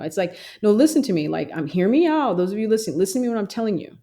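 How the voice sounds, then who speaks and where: A woman's voice: mid-range voice, very animated, fast talker, few pauses, warm tone. A woman therapist talking emphatically in a podcast interview, often mimicking other people's voices. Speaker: therapist and social worker guest.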